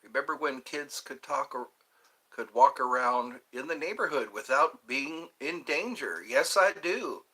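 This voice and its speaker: His voice is mid-range, unhurried, bright and forceful, with lively intonation: a middle-aged Georgia man from the US Deep South hosting a relaxed livestream. He drifts through recollections and takes questions from viewers in the chat.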